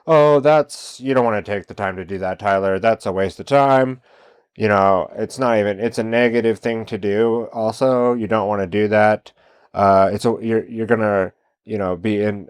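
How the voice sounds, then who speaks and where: A man with a low voice hosts a solo commentary show. He talks casually and works through his points by asking rhetorical questions. The sound is dry and close, with no room around it. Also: darkish tone, no echo. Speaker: podcast host.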